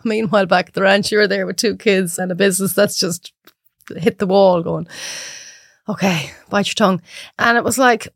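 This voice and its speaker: Irish woman, 30s, guest; animated storyteller, dry close mic. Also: medium pitch, moderate pace, gravelly, dry recording. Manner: animated storyteller acting out quotes. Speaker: podcast guest. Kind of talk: casual chat.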